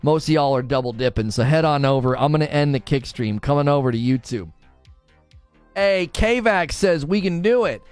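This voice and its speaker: A man's voice: sits high, no room sound. A man hosting a live stream in casual chat. He argues animatedly and laughs often. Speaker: livestream host.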